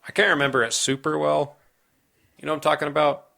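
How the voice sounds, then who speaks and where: A man's voice: a little high, little pitch movement, quick pace, vocal fry, sharp tone. A young man co-hosting a podcast in casual chat, laid-back, laughing often and trailing off mid-thought. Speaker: podcast co-host.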